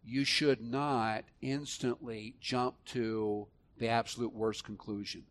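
A man delivers a sermon at a middle pitch. He drops into soft, low-voiced reflection, then rises to loud, emphatic preaching. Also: steady tone, slow pace. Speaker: pastor.

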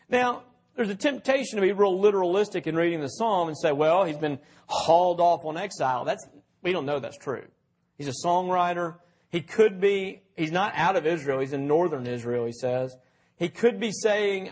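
A man with a fairly high, husky voice preaches a sermon. He talks in a conversational way, putting questions to his listeners and telling anecdotes. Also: normal speed. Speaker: pastor.

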